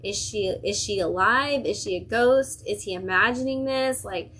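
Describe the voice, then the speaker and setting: A woman's voice: mid-range voice, moderate pace, a bit bright, a little hiss or hum. A young adult woman hosting a comic shop livestream, casually gushing over new releases with lots of fillers. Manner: enthusiastic, gushing, chatty with many fillers.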